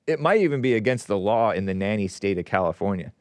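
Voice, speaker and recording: In a clean, dry studio recording, a man with a lowish voice reads a news story quickly on his own show. As host he keeps cutting in with sarcastic asides, his delivery full of animated ups and downs.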